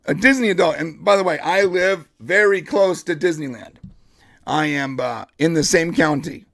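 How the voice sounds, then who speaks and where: A hoarse man hosting a casual live podcast, leading the topics with excited chatter. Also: a little high, moderate pace, dry recording, studio quality. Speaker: podcast host.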